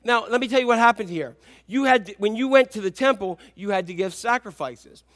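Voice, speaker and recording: A male pastor with a high voice delivers an animated sermon. He tells stories, drops to hushed asides and then bursts into shouts. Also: a little fast, dry recording.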